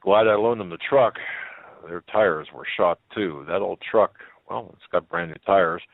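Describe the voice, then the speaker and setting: A man voicing a kind, gruff old widowed gas station owner who talks in a folksy, plain-spoken way. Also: deep voice, unhurried, dry recording. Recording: tinny phone-like line.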